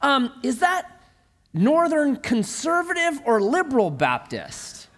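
A man's voice: very high-pitched, huge pitch swings, slow pace, a bit bright, voice pushed up, heavily acted. A man putting on a chirpy nosy rescuer. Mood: eager, prying. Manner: chirpy, prying questions in a raised voice. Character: eager nosy male rescuer, prying and picky.

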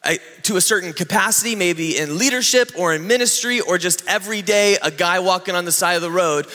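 High, bright-voiced male pastor preaching. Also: brisk, big-room sound. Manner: storytelling, acting out quoted dialogue. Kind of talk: sermon.

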